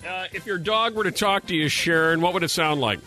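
A man's voice: high-pitched, sharp tone, faint music behind. A man hosting a morning radio show, bantering playfully with co-hosts and callers. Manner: playful, quick with jokes.

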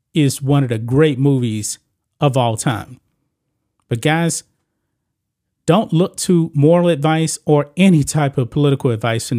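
Blunt, moralizing man with a higher voice. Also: dark tone. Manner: blunt, moralizing, talks directly to viewers. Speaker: channel host. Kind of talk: opinionated celebrity news commentary.

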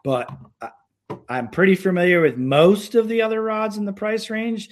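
A man's voice: high-pitched, fairly even intonation, moderate pace. A man from New York who has worked in the fishing industry, talking in a casual podcast chat and rambling with many filler words.

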